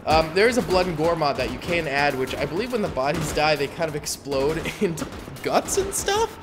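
A man giving casual, excitable gameplay commentary on his gaming channel, exclaiming at big moments. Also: a little high, a little fast. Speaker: gaming YouTuber. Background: faint game gunfire and music.

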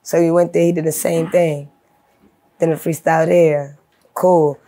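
A rapper from Queens, New York, tells a story as a guest in a casual interview, cursing freely and acting out the voices of the people she quotes. Her voice is low-pitched and her pace unhurried.

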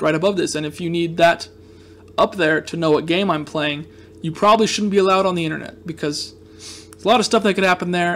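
A man hosting a Minecraft let's-play, giving casual, jokey, rambling commentary with playful sarcasm. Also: fairly high pitch.

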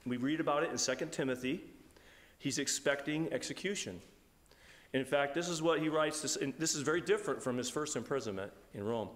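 Male pastor, conversational Bible study lecturer, mid-pitched voice, long reverb from a church hall. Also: fairly quick. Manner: conversational, with frequent restarts.

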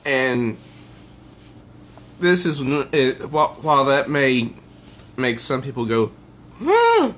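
A man's voice: mid-range voice, fairly even intonation, slow, pauses often, fairly bright tone. A man casually reviewing a comic book, summarizing the pages with evident amusement. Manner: amused, easily tickled by the jokes.

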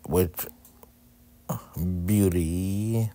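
A man narrates a craft video casually, poking fun at himself as he goes. His voice sits extremely low and deep. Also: slow, darkish tone, no room sound. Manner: candid, joking, self-deprecating.

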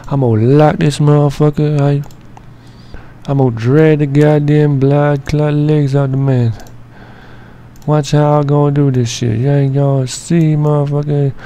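A man with a slightly high, warm voice talks a little slowly and in a level tone. He rambles through an editing session on a screen recording, joking casually and filling his commentary with slang and swearing.

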